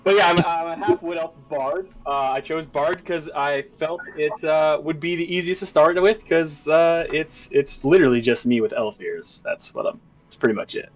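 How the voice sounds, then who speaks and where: A man's voice: fairly high pitch, normal speed, lo-fi sound, over music. A man introducing himself as a player in a game stream, joking and self-deprecating in a casual chat.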